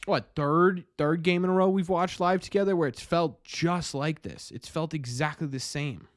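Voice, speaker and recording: A man's voice: a little high, moderate pace, dry recording, clean studio sound. Exasperated man rambling about baseball. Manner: rambling, frequent restarts, exasperated. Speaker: podcast host reading live chat. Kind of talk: casual live-stream game commentary.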